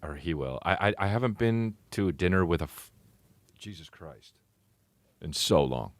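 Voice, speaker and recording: A laid-back man in his thirties talks as a podcast guest, swearing casually and trailing off mid-thought. His voice sits very low yet moves a lot in pitch. The recording is close and dry. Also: lively intonation, moderate pace, no room sound. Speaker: comedian guest. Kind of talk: casual chat.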